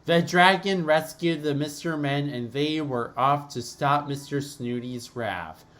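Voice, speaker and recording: A man's voice: a little high, measured pace, fairly bright tone. A man reading a homemade cartoon story aloud as narrator.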